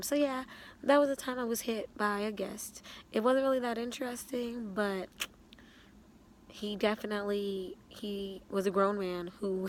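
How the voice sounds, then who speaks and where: A young woman telling a casual storytime vlog, animated and slangy, often breaking into laughs. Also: mid-range voice, slight background noise. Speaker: vlogger.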